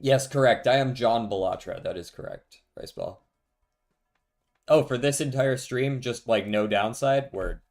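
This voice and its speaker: A man's voice: mid-range voice, unhurried, a little mellow, soft background music. A young man streaming a card game, giving dry, sarcastic commentary and swearing freely. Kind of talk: casual gameplay commentary.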